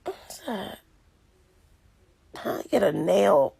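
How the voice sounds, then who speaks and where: Woman vlogger, tired, rambling, often half-whispered; gravelly, husky voice. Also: mid-range voice, expressive, takes it slowly, warm tone. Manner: rambling, talks to herself, often drops to a whisper. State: sleepy and yawning. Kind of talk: casual talk to camera.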